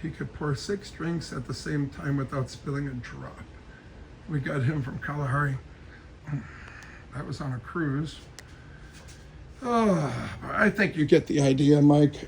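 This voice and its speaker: A man's voice: a little high, a little slow, creaky, pauses often, a little hiss or hum, rough recording. A man casually giving a rambling, joking tour of his cluttered space, talking straight to a friend.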